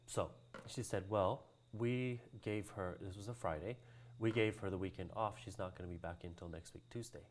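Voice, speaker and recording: A man with a low voice, speaking at normal speed, tells a story as a guest in a casual interview, with slight background noise audible. He is a cultural practitioner from Hawaii who laughs often and does the voices of the people he quotes.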